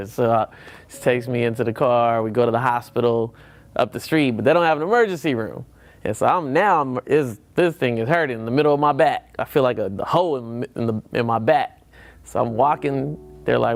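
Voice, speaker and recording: A man sharing a personal testimony, animated, acting out the people in his story with big jumps in his voice. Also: medium pitch, moderate pace. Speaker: church member sharing testimony.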